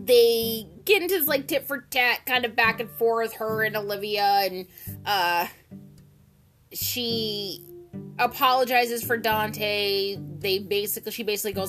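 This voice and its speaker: A woman's voice: a little high, unhurried, a bit bright. A woman giving a casual, opinionated recap of an episode, chatting along and acting out the quotes as she goes. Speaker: soap opera recapper. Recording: music playing underneath.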